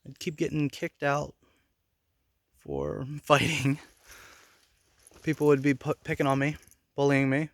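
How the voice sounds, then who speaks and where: A man's voice: medium pitch, lively intonation, measured pace, long pauses, dry recording, studio quality. A man in his forties telling personal stories in a casual vlog, blunt and profane, rambling with bursts of anger. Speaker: vlogger.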